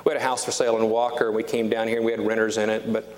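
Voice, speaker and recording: A man in his fifties preaching a sermon as a pastor, emphatic, repeating key phrases and slowing down to stress them. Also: on the low side, little pitch movement, a little mellow. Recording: reverberant hall with faint noise.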